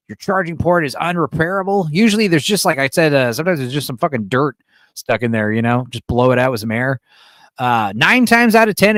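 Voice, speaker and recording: Lively, profane American man chatting. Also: medium pitch, no echo, studio quality. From United States. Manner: profane, rambling, animated; reads and answers chat messages. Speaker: podcast host. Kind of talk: casual livestream chat.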